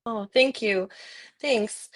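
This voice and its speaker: A woman's voice: a little high, slow. A woman playing a timid character in a tabletop game, hesitant and apologetic, often stammering. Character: timid apologetic adult, easily ashamed.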